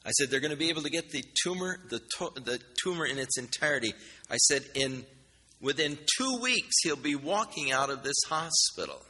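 A man preaching a sermon, telling a personal story in a folksy, animated way and acting out the dialogue. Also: a little high, fairly quick, breathy edge, in a large hall. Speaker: pastor.

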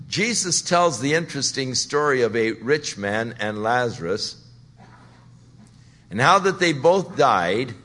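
A man's voice: medium pitch, a bit bright. A man preaching a sermon on a Bible passage, talking it through conversationally and building to emphatic points. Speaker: pastor.

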